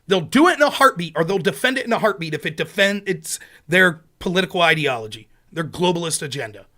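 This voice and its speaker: Heated high-voiced man ranting. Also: lively intonation, fast, sharp tone. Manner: heated, sarcastic, asks the audience questions. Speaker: political streamer. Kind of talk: casual ranting commentary.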